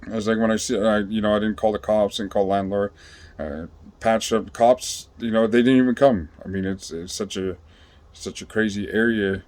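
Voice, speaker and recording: A man telling a story in a casual, rambling way, swearing a lot and filling pauses with ums and you-knows. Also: lowish voice, steady tone, a little mellow. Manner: rambling, profane, with many fillers.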